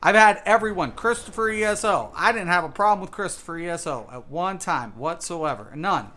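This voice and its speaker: Streaming a game, this man rants in a high, bright, forceful voice that's animated and brisk. He curses frequently and circles back to the same points.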